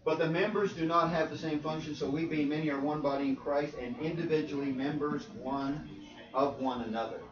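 Speaking a little fast with a fairly high, fairly even voice, a man leads a Bible class in a church meeting room, asking questions and repeating things for emphasis. Crowd noise can be heard, and the audio is roomy, distant and dull.

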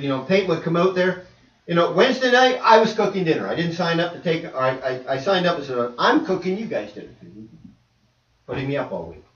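Male preacher, animated sermon delivery, swooping lively voice; distant, muffled, echoey recording. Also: on the high side. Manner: animated, acts out voices and dialogue. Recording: echoey hall, distant dull mic.

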